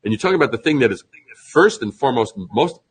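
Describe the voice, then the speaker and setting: Animated man explaining with mock pitches. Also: fast talker, low-quality recording. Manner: lively, acts out mock sales pitches, laughs often. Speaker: branding expert guest.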